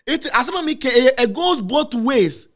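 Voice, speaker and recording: A man's voice: animated, a little slow, fairly bright tone. A man with a Ghanaian accent telling an emotional personal story, repeating himself and mixing in Twi phrases. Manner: emotional, repetitive, with dramatic pitch swings. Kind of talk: emotional storytelling, switching between Twi and English.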